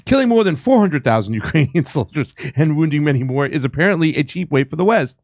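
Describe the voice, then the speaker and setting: A male host rants with indignation and heavy profanity. His slightly high voice has plenty of gravel in it, and the recording is dry and close. He leans hard on each point as he speaks. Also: big pitch swings, fast, a little mellow, no echo. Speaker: show host. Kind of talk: casual political chat.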